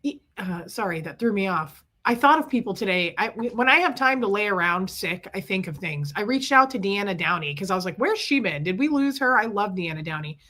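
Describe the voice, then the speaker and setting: A middle-aged woman telling a story to her viewers. She is sick with chest congestion and rants in animated bursts, stopping to greet viewers by name. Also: medium pitch, fairly quick, few pauses. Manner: ranting, animated storytelling, reading out viewer names. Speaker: livestream host. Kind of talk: casual chat to viewers.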